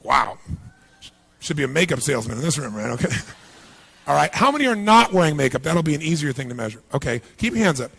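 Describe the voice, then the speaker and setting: A man giving a live motivational seminar, energetic and punchy, constantly quizzing the audience with questions. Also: a little high, fast, vocal fry, breathy edge. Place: large seminar hall with thousands present.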